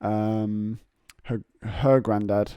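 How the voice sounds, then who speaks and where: A young man, hosting a solo podcast in casual chat, telling jokey stories and putting on high voices to mimic people. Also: fairly even intonation, extremely slow, warm tone, smooth, dry recording. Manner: jokey storytelling, acts out voices of others in high pitch. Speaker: podcast host.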